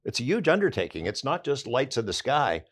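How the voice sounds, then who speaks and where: A man's voice: mid-range voice, big pitch swings, brisk, husky. An older man, an investigative journalist, recounting past events conversationally in a podcast interview.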